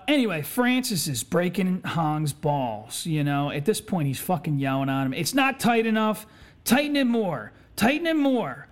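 A man hosting a podcast, telling a story in a laid-back, chatty way, swearing constantly and saying "you know" a lot. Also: high voice. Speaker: podcast host. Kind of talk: casual storytelling.

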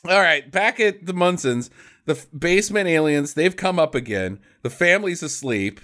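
A man co-hosting a casual podcast chat about a movie, animated, swearing and laughing often. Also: fairly high pitch, moderate pace. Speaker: podcast co-host.

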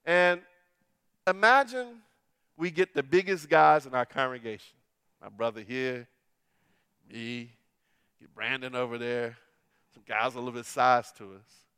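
A middle-aged man preaching a sermon as pastor, telling a story and swinging between hushed, quiet lines and loud, emphatic ones. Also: mid-range voice, a little slow, long pauses, clean tone, no echo, studio quality.

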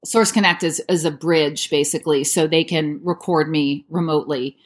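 A woman's voice: sits low, fairly even intonation, normal speed. A woman in her thirties, an audiobook narrator, answering interview questions in a chatty way with many "like" fillers.

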